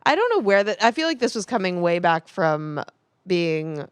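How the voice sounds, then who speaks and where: Animated woman podcast host, close dry mic. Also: fairly low pitch, normal speed, clear, resonant tone, no room sound. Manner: animated storytelling, laughing, slips into voices. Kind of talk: casual comedy podcast chat.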